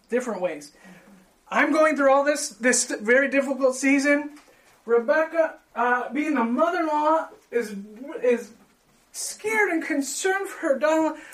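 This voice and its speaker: A man with a strikingly high voice tells his story with fervent emotion. He speaks as a preacher and leads a heartfelt prayer. The sound rings around a roomy, echoing space. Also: expressive, normal speed, fairly bright tone. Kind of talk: testimony and sermon with led prayer. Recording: roomy echo.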